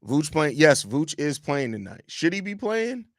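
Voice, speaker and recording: A man with a slightly high voice hosts a laid-back live-stream sports podcast from his home. He talks loosely, repeats his phrases and reads chat questions aloud. The sound is dry and close on a desk microphone. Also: very animated, unhurried, no room sound. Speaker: podcast host.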